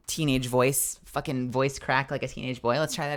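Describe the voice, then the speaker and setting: A woman's voice: extremely low pitch, moderate pace. A woman streaming a courtroom game, frustrated and swearing as she talks through it. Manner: frustrated, profane, animated. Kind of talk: live game stream commentary.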